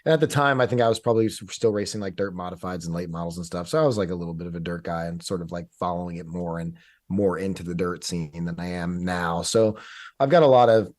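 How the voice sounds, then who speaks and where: A man co-hosting a podcast, playful and teasing, with a low voice. He rambles with fillers, and his voice comes through dry and close, with no room echo. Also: fast talker, darkish tone. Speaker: podcast co-host. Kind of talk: casual podcast chat.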